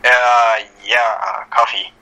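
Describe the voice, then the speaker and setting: A man's voice: medium pitch, steady tone, slow, pushed and bright, low-quality recording. A man in his twenties from Costa Rica, a guest speaking hesitantly and repeating words. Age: 20s. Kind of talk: casual interview chat.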